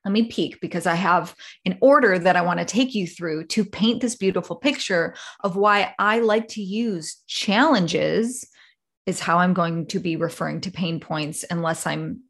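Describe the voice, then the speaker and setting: A woman's voice: lowish voice, normal speed, gravelly. Chatty woman podcast host. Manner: chatty, rambling, with many fillers and acted-out examples. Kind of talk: casual solo podcast talk.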